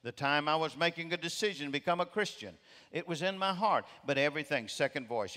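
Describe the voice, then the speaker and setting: A man's voice: on the high side, animated, fairly quick, pushed and bright. Emphatic male preacher in a reverberant hall. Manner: emphatic, repeats key phrases. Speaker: guest preacher. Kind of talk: sermon. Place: large church auditorium. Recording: long reverb of a large hall.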